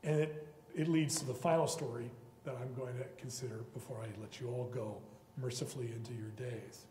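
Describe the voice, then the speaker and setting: A man's voice: medium pitch, fairly even intonation, fairly quick, dark tone, a little hiss or hum. A man giving a public lecture on literature in a college auditorium, telling the stories with animation and acting out the characters' lines. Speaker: guest lecturer. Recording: echoey hall with long reverb.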